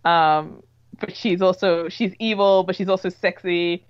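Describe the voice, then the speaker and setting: Lower-voiced woman chatting about her comic. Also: fairly even intonation, measured pace, smooth, no echo, lo-fi sound. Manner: chatty, with many fillers and acted-out reactions. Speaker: webcomic artist. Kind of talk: casual podcast chat.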